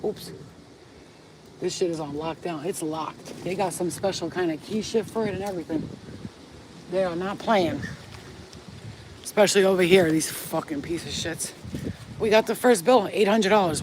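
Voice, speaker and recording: A woman vlogging from a rented house, blunt and profane, venting in a casual heated rant. Her voice sits fairly low, and a faint hiss runs under the recording. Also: moderate pace, pauses often.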